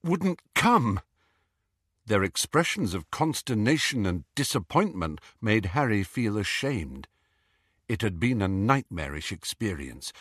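A male audiobook narrator with a low voice reads a script in a measured, expressive storytelling style. The recording is studio quality with no room sound.

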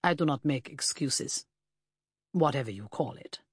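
A reader voicing an arrogant Prussian prince with a German accent, drawling and sneering. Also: male voice, mid-range voice, lively intonation, unhurried, husky, dry recording, studio quality. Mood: disdainful.

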